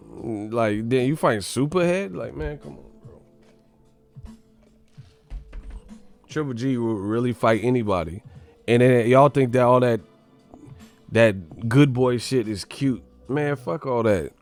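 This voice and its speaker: A man's voice: mid-range voice, unhurried, vocal fry, a little mellow, faint music behind. Profane, mocking man ranting. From United States. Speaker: boxing commentator. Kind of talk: casual rant.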